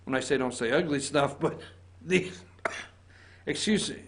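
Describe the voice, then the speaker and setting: A man's voice: a little high, measured pace, pauses often, a bit bright. A man hosting a political opinion show, talking in an indignant, emphatic way and hammering his points again and again. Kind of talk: opinion commentary.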